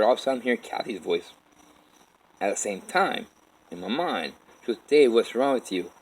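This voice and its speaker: Low-voiced man telling a rambling story. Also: rough recording. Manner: halting, with restarts and repeated "all of a sudden". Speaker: vlogger telling his life story. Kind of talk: rambling first-person storytelling.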